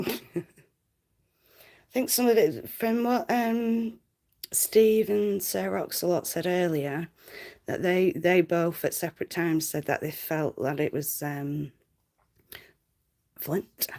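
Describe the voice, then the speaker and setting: A woman's voice: on the low side, steady tone, slow pace, pauses often, darkish tone. A young woman, chatting on a live stream, giggling and swearing as she rambles. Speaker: livestreamer. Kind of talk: casual live stream chat.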